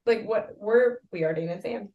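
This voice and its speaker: A woman co-hosting a casual podcast with her husband, lively and laughing often. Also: medium pitch, normal speed, recorded from a distance, phone-quality sound. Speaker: podcast co-host. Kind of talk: casual chat. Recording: roomy sound, a bit off-mic.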